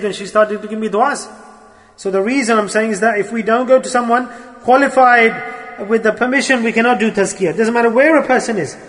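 Man, mosque sermon, earnest exhorting preacher, high voice, long echo of a hall. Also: brisk, fairly bright tone. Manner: earnest, exhorting, mixes in Arabic and Urdu religious terms.

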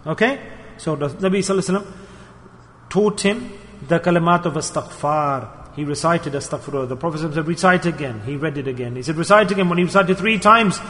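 A man delivers a storytelling sermon, addressing his listeners as brothers and voicing each character's words. His voice sits high and bright. A long reverb hangs on every phrase. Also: a little fast. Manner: lively storyteller addressing brothers, acting out quotes. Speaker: preacher. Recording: reverberant hall.

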